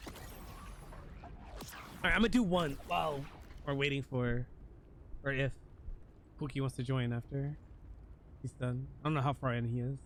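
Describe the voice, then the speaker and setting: A man's voice: mid-range voice, measured pace, long pauses, slight background noise. A male game streamer chatting casually and jokingly with his viewers while he plays. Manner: animated, joking, talks to chat while playing. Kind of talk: casual live-stream chat.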